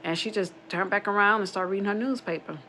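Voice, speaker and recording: A woman's voice: medium pitch, fairly even intonation, fast, sharp tone, slight background noise. A woman casually telling a spooky true story from her own family, rambling and repeating herself, acting out quoted dialogue.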